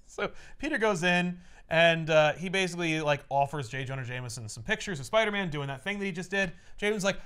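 A man on a casual comic book podcast, recapping a story with profane jokes and quick voices for the characters. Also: sits high, clear, resonant tone. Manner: animated, profane, acts out characters in jokey voices. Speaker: podcast co-host.

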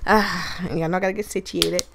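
A woman with a fairly low, steady voice briskly chats to viewers and reads a dating game aloud in her gaming video. Slightly hoarse, she laughs and clears her throat throughout, over some background noise.

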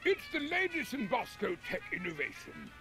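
An actor playing a fussy, paranoid inventor shopkeeper in a video game, with a pompous manner and old-fashioned exclamations. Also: male voice, extremely high pitch, sing-song, moderate pace, gravelly, music in the background, heavily acted.

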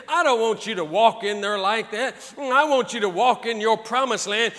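A man preaches with high-pitched, bright energy, swinging between folksy asides and full-throated shouts. His voice rings out through a large church hall with a long, lingering reverb. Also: normal speed, hardly any pauses, a faint crowd. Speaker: pastor. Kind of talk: preaching a sermon.

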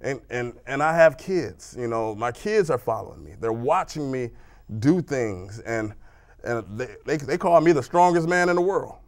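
A male life coach co-hosts a local television show from the studio, delivering a motivational message. His voice sits at an average pitch. He stumbles over repeated words, then settles into firm, deliberate lines. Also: expressive.

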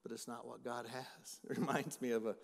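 A middle-aged male pastor preaching a sermon, shifting between loud emphatic lines and quiet storytelling. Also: medium pitch, flat delivery, brisk, vocal fry. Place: church sanctuary. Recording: long hall reverb.

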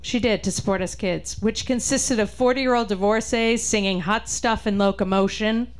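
A woman's voice: mid-range voice, fairly even intonation, moderate pace. A woman from Boston with a Boston accent, doing a stand-up comedy set with a chatty, punchy delivery aimed at the audience. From Boston, Massachusetts.

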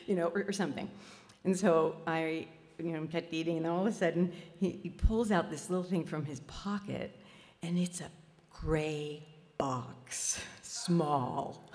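A woman's voice: lowish voice, big-room sound. A woman speaking at a festival, telling a personal story and laughing at herself as she goes. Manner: warm self-deprecating storyteller who laughs at herself. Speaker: spiritual healer speaking at a festival.

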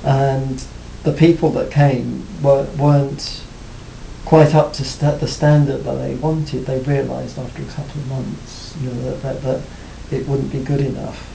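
A man being interviewed about his music career, talking reflectively with many pauses and restarts. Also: level tone, gravelly, mellow. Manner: hesitant, many restarts and "you know". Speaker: interviewee, former band cellist. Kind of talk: reflective casual interview talk. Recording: roomy, faint rumble.

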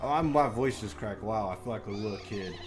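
A young man giving crude live commentary on a party video game, muttering complaints under his breath, then yelling and trash-talking the computer players. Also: lowish voice, a little fast, over music. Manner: crude trash talk, swinging from mumbled grumbling to yelling. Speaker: gaming YouTuber.

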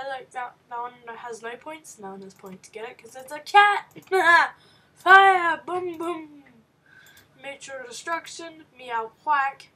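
Woman gamer, high voice, unhurried delivery, slightly off-mic; excitable let's-play commentary. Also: recorded from a distance. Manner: excitable, reads game text aloud with reactions. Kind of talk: casual game commentary.

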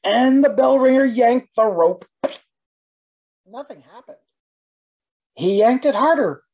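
A woman, an early childhood educator, reading a children's storybook aloud with expressive narration. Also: on the high side, slow, slightly rough.

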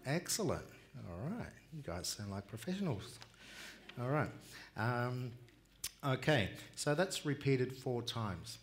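In a mid-range voice with big pitch swings, a music and dance workshop leader takes it slowly as he runs a conference call-and-response song, upbeat and encouraging, calling out and singing demonstrations.

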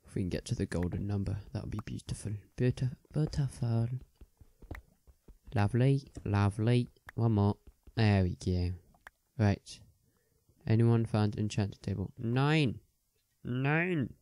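A man's voice: lowish voice, fairly even intonation, moderate pace, gravelly, warm tone. A young man chatting casually as he plays a game, rambling with many ums and restarts. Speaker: gaming video host.

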